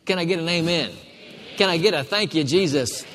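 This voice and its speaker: A man preaches a sermon as pastor, calling on his congregation to answer back. His voice sits a little high. It rings with long reverb from a large hall. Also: a little fast, a bit bright, a little hiss or hum. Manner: preaching with call-and-response to the congregation.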